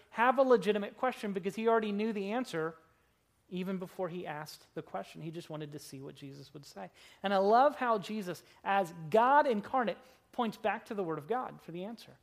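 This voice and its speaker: In a mid-range voice, a woman delivers a sermon during a church service. Her lines swing from loud and forceful to hushed, and she eases her pace to emphasize key words.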